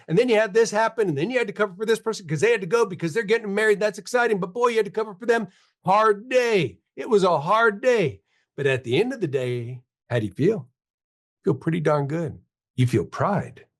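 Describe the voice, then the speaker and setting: This is a man in his fifties with a notably high-pitched voice, hosting a live webinar. He talks in an emphatic, repetitive way, hammering home his points like a coach pushing a team. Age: 50s. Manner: emphatic, repetitive motivational urging. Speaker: marketing webinar host. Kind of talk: live webinar pep talk.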